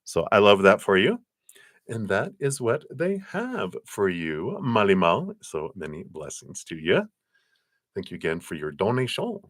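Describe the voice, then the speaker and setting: Man, very low voice, tarot reader, chatty live stream, laughs a lot, dry close sound. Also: dry recording. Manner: chatty, laughs often, reads card texts aloud. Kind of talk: live-streamed card reading.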